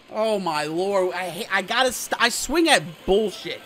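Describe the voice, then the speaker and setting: A man giving excited gameplay commentary as a gaming video host, hyped, cheering and often yelling. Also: high voice, takes it slowly, long pauses, a little hiss or hum. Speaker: gaming YouTuber.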